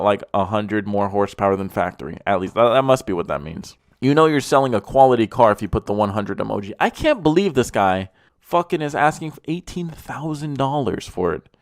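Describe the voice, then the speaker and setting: A man's voice: fairly low pitch, smooth, dry recording, studio quality. A young man hosting a car review, talking with blunt, profane, mocking sarcasm. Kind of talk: profane comedic car commentary.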